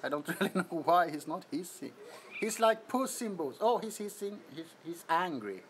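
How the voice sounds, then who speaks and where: A man with a Swedish accent hosts a casual livestream from his apartment, showing off kittens and laughing often in a giggly, amused way. His voice is high, very animated, and fairly bright at a normal speed, with a little hiss or hum in the recording.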